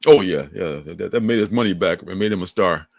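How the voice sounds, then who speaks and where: An older man co-hosting a livestream, chatting in a rambling, animated way and laughing often. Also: low voice, fairly quick, vocal fry, dry recording, clean studio sound. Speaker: livestream co-host. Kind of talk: casual chat.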